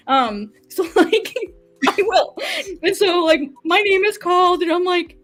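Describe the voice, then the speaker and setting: An American woman, a manga artist, telling a story in a casual interview, animated and full of "like"s, laughing often. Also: high-pitched, a little slow, soft background music. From United States.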